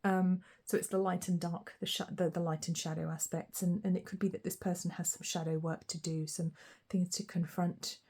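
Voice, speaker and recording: A woman's voice: on the low side, flat delivery, normal speed, hardly any pauses, darkish tone, breathy edge. A woman giving a chatty, casual pick-a-card tarot reading, thinking aloud and laughing lightly as she goes. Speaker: tarot reader.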